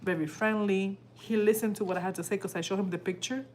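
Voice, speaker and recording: A woman's voice: medium pitch, quick pace, a little hiss or hum. A woman hosting a live stream from home, telling a story in a casual, emotional way and acting out what people said. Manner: animated, emotional retelling that acts out quoted dialogue. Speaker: livestream host.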